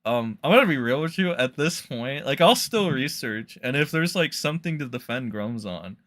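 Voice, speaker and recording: A man ranting on a stream as he reads out tweets, swearing often and mocking, and at times rising into loud outbursts. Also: medium pitch, expressive, normal speed. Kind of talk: casual ranting commentary.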